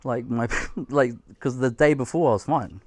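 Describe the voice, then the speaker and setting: A man's voice: medium pitch, moderate pace. A young man, co-hosting a casual podcast, telling stories frankly and with plenty of swearing. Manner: frank, sweary, animated storytelling with acted-out quotes. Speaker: podcast co-host.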